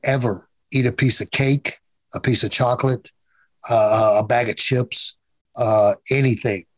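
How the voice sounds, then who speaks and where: A man in his fifties tells stories in a casual interview. He talks bluntly and swears freely, and he acts out the dialogue he quotes. His voice sits at an ordinary middle pitch and is recorded close and dry. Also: fairly even intonation, measured pace, no echo, rough recording. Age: 50s. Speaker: guest, former pro wrestler.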